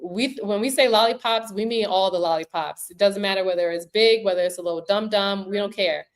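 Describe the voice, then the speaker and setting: A woman's voice: medium pitch, a little fast. Storytelling woman from New York. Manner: storytelling, acts out quoted voices. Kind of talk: casual chat.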